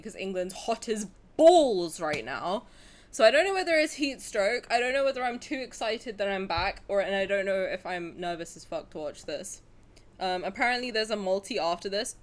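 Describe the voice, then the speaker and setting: A woman, chatting casually on a stream, excitable and dramatic, rambling between topics. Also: mid-range voice.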